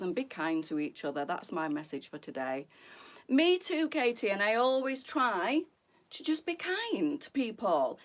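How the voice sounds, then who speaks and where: Chatty heartfelt woman streaming live. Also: high-pitched. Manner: chatty and heartfelt, addresses viewers as girls. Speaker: boutique owner hosting a live try-on stream. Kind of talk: casual live-stream chat.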